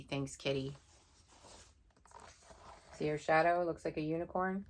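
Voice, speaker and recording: A woman reading a picture book aloud at bedtime, gentle and pausing to point things out to the listener. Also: deep voice, level tone. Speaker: storybook reader.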